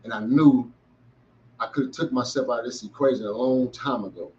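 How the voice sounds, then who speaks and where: A man's voice: medium pitch, fairly quick, a little mellow, dull audio, a little hiss or hum. A middle-aged man hosting a podcast, giving an emphatic motivational talk to young listeners in heavy street slang. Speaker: podcast host.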